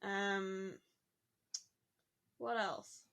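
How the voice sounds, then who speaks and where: A woman's voice: medium pitch, fairly even intonation, very slow, fairly bright tone, smooth. A woman talking casually on a podcast, musing aloud with lots of "like" fillers. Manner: chatty, musing, frequent "like" fillers.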